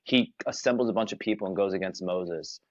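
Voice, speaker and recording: A man's voice: a little fast, no room sound, muffled recording. A man in casual spiritual conversation, telling stories animatedly and acting out the quoted voices. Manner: animated storyteller, acts out quoted voices with big pitch jumps. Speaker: podcast guest.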